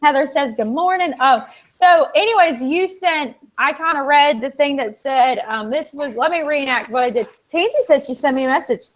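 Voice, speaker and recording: A woman hosting a casual live stream, chatting excitedly with viewers, reading out their comments and filling pauses with ums and restarts. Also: sits high, poor audio. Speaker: livestream host.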